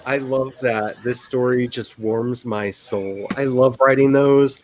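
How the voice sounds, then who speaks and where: A man's voice: medium pitch, steady tone, slow, darkish tone, poor audio. Chatty self-deprecating man hosting a stream. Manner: rambling, self-deprecating, laughs often. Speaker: author hosting a writing sprint stream. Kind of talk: casual livestream chat.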